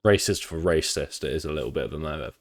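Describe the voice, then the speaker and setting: Brief: deep-voiced Midlands English man, rambling, sweary live-stream reaction chatter. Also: fast, soft background music. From England, Midlands. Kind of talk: casual live reaction chat.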